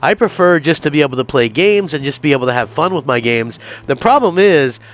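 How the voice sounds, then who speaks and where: A man's voice: fairly high pitch, expressive, brisk. Earnest male gaming channel host. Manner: earnest, emphatic, talks to viewers directly. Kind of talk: gaming news commentary and article reading.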